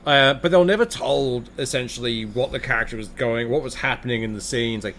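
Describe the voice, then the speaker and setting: A man's voice: mid-range voice, fairly quick, a little hiss or hum. A man co-hosting a podcast, chatty and telling stories in casual conversation. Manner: chatty, lively storytelling. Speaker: podcast co-host. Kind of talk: casual chat.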